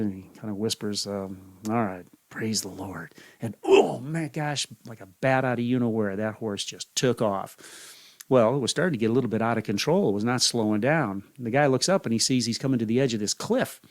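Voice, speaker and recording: Man, radio host, gravelly tone, dry close sound, lively storyteller. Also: lowish voice, no room sound. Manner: animated storyteller. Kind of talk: casual joke telling.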